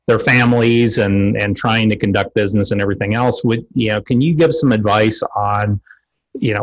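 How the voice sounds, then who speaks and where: A man's voice: fairly low pitch, lo-fi sound. A man hosting a podcast who asks a guest questions in a casual, hedging way, with many "you know"s. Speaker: podcast host. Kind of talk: interview questions.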